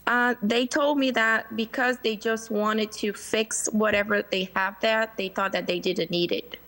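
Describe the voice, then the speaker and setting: A woman testifying remotely at a town hearing on behalf of a relative, hesitant with many pauses and fillers. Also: medium pitch, fairly even intonation, a bit bright, poor audio. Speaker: applicant representative. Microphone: remote video call.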